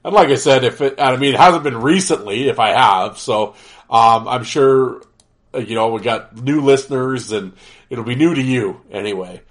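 A man's voice: medium pitch, moderate pace. A man hosting a casual solo podcast, his voice nasal and stuffed up from allergies, rambling with many fillers and restarts. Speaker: podcast host.

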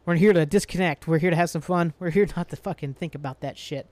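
A young man hosts a solo podcast with no echo, speaking at a quick pace in a fairly high voice with a darkish tone. He goes on an angry, profane, rambling rant marked by sighs and frequent restarts.

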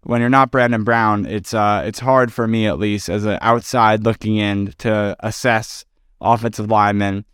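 A tired man co-hosting a sports podcast late at night. His voice sits low and smooth, with a dry, close sound and no room around it. He talks through his analysis with frequent fillers. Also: fairly even intonation, moderate pace, a bit bright, no echo. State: tired, yawning. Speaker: podcast co-host. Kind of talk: casual sports podcast chat.

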